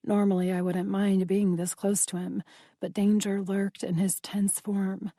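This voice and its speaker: A woman narrating a first-person audiobook in a slow, intimate way. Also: mid-range voice, little pitch movement, dark tone, dry recording, clean studio sound.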